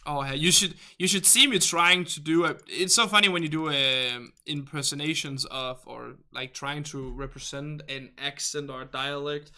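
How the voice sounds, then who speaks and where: Bright Danish-accented man chatting on stream. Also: fairly high pitch, moderate pace, few pauses. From Denmark. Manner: chatty, rambling, restarts and asks how to say words. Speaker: livestream host. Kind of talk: casual chat reading viewer comments.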